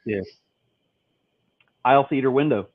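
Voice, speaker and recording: A man's voice: mid-range voice, a little slow, no echo. Upbeat man on a phone-like line. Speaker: podcast co-host. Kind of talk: casual chat, asking quiz questions. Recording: thin phone-like line, dry.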